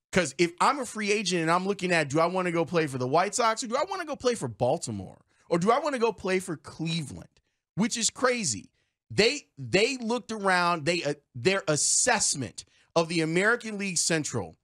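A man's voice: a little high, fairly bright tone. A man co-hosting a sports talk radio show, ranting emphatically and repeating his points in a radio studio. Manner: emphatic, repetitive, fired-up.

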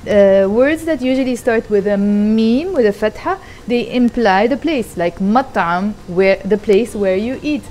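Mellow-voiced woman teaching at her kitchen sink. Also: medium pitch, expressive, slight background noise. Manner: patient, repeats words slowly and explains each one. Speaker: language teacher. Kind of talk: casual vlog lesson.

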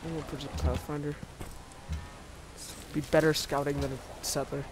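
Laid-back young man, slightly high voice. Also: level tone, moderate pace, very noisy. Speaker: co-player. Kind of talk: casual gaming banter.

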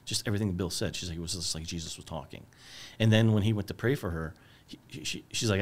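A man's voice: low-pitched, quick pace. A middle-aged man as a filmmaker guest, talking casually and searching for words with many restarts. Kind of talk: casual conversation.

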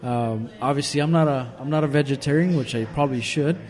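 Guy hosting a podcast, mid-pitch voice, rambly casual chat, lots of "i mean". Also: brisk, darkish tone. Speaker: podcast host.

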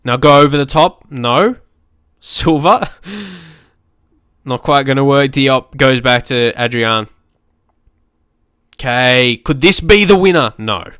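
A man giving excitable let's play commentary on a football management game, shouting at the screen and swearing now and then. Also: medium pitch, slow, pauses often, smooth, no room sound, studio quality. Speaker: gaming YouTuber.

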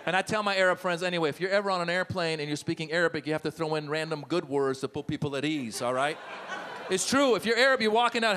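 A middle-aged man born in Iran, doing a stand-up set with crowd work on a comedy club stage, animated and quick to slip into loud put-on voices. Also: a little high, background noise.

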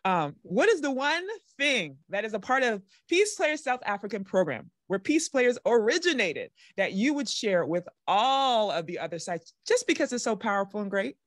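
A woman's voice: on the high side, big pitch swings, moderate pace, few pauses, no room sound, clean studio sound. A woman hosting a podcast, upbeat and chatty, sometimes reading prepared lines. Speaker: podcast host. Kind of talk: casual interview chat.

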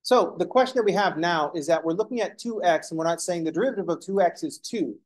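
A man's voice: sits high, lively intonation, fast, poor audio. A man teaching a calculus class, explaining steps and making joking asides to his students. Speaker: math lecturer. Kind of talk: classroom lecture.

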